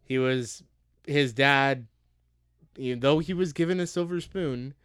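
A man's voice: mid-range voice, a little slow, a bit bright, clear, resonant tone, no room sound. A young American man co-hosting a podcast, ranting heatedly and swearing constantly. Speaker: podcast co-host. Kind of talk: casual profane rant.

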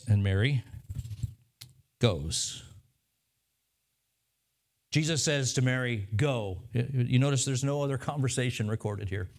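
A man's voice: medium pitch, unhurried, long pauses. A male pastor preaching a sermon in an earnest manner, often repeating phrases for emphasis.

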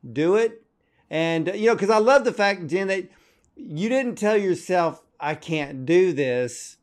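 A man's voice: high-pitched, measured pace. A man hosting a motivational podcast interview, addressing his audience emphatically in a preacher-like way. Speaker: podcast host.

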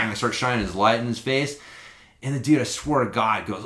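A man's voice: lowish voice, moderate pace. A man casually telling a long story on a podcast, rambling and swearing often. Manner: profane, rambling, animated storyteller. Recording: echoey room.

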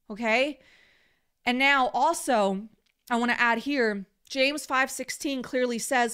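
A woman leads a livestreamed Bible teaching, earnest and conversational, and she repeats key words to drive them home. Her voice sits a little high and comes across smooth and clean. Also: slow, fairly bright tone.

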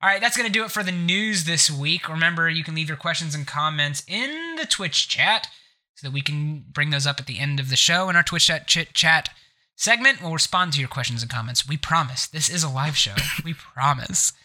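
Male podcast host, animated, lively pitch, very bright tone, playful. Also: brisk. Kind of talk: live gaming podcast chat.

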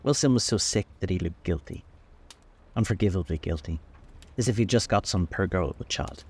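A man narrating a classic novel aloud in a steady, measured way. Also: deep voice, breathy edge. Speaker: audiobook narrator.

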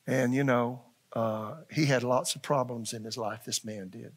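In a church sanctuary, a pastor in his sixties delivers a sermon to his congregation in a medium-pitched, steady voice with a breathy edge and moderate pace. He stays folksy and earnest, repeating lines and checking in with those listening.

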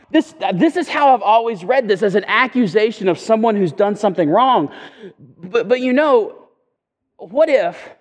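A man preaching a sermon in a conversational way, often repeating words as he goes. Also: sits high. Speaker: pastor. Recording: echoey hall reverb.

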